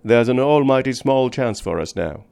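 A man reading aloud, voicing a dying, exhausted frontier wanderer in a tender, rough, folksy drawl. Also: medium pitch, animated, moderate pace, darkish tone, voice pushed up. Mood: tender, weary.

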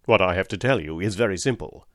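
A man voicing a blunt, restless Canadian harpooner in a storybook reading, plain-spoken and gruff. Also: low-pitched, fast, fairly bright tone, dry recording, studio quality.

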